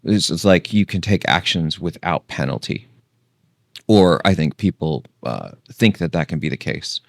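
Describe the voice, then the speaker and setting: A man hosting a casual long-form talk, meandering and thinking out loud, sometimes losing his thread. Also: low-pitched, expressive, moderate pace, creaky, no echo, clean studio sound. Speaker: host.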